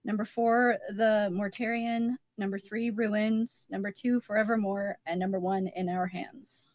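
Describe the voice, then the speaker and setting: Woman poet, podcast guest, mid-pitched, dry close sound, hesitant with ums. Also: steady tone, a little slow, a little mellow, dry recording. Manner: hesitant, full of ums, laughs often. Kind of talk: casual podcast chat.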